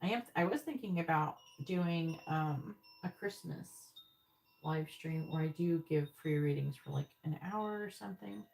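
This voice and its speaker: A woman's voice: low-pitched, a little slow, creaky, a little mellow, slight background noise. A woman giving tarot readings on a live stream, chatting directly with viewers in the chat. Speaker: tarot reader.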